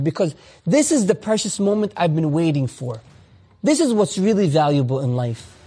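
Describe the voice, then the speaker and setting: A man's voice: fairly high pitch, warm tone, husky, heavily acted. A man voicing a poor, devoted mother who speaks in a tender, heartfelt, solemn way.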